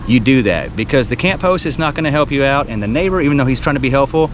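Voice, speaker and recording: A man from Texas talks casually into the camera at a campground. His delivery swings lively and expressive as he tells stories and hands out advice. Faint outdoor noise sits behind him. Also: mid-range voice, fast talker, highs cut off. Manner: animated, storytelling, advice-giving. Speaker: vlog host. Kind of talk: casual travel vlog talk.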